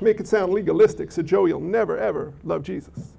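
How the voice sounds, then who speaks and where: A high-voiced man with a gravelly edge, preaching with lively energy and frequent restarts. The recording is muffled and lo-fi. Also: brisk. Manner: animated, repeats words, acts out quoted people. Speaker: pastor. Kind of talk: sermon. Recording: dull lo-fi recording.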